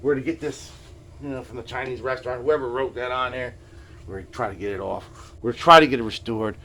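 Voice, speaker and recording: Middle-aged guy rambling fast about a flea market find, stammers and mumbles, trails off quiet a lot. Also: mid-range voice, a little hiss or hum. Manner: stammering, mumbling, drops to near whispers, lots of filler. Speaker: guitar repair vlogger. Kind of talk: rambling casual storytelling. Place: home workshop. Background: furnace.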